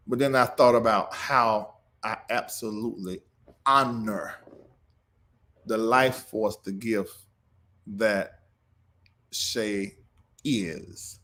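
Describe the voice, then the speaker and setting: A man's voice: lowish voice, slow, long pauses, sharp tone. A man hosting a livestream, talking emotionally and preacher-like to viewers, laughing through grief and reading out their comments. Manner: reads viewer comments aloud and greets them. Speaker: livestream show host.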